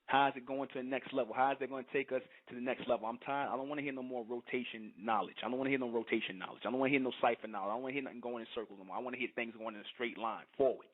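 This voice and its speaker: Man, call-in host, blunt and emphatic, mid-pitched, tinny phone-like audio. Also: steady tone, racing, few pauses. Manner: blunt, emphatic, repeats phrases. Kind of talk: call-in broadcast monologue.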